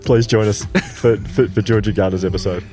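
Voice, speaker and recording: A man's voice: fairly low pitch, steady tone, a little fast, dark tone, faint music behind. A man hosting a podcast, chatting casually with wry, self-deprecating banter. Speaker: podcast host and author. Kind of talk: casual chat.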